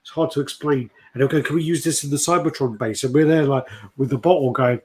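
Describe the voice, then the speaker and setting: A show co-host tells an anecdote casually in a slightly mellow, medium-pitched voice at a quick pace. He swears freely and acts out the voices of the people in his story.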